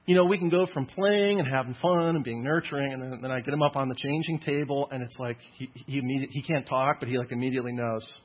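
Husky-voiced man giving an animated sermon. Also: mid-range voice, quick pace, hardly any pauses. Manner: animated, acts out quoted voices. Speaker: Christian speaker. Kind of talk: apologetics talk to an audience. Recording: dull lo-fi sound.

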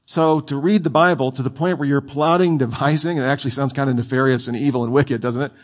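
A man's voice: mid-range voice, steady tone, fast talker. A man preaching a sermon in a conversational, playful way, with asides to his listeners.

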